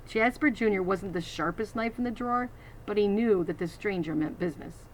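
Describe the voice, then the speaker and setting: A woman's voice: mid-range voice, fairly quick, a little hiss or hum, low-quality recording. A woman reading a children's novel aloud, adding teacherly asides to her listeners. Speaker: reader.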